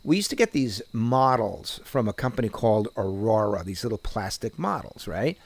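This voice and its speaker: A man's voice: fairly low pitch, sing-song, normal speed, vocal fry. A man with a New Jersey accent, chatting casually as a podcast co-host, rambling and profane with many restarts. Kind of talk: casual chat.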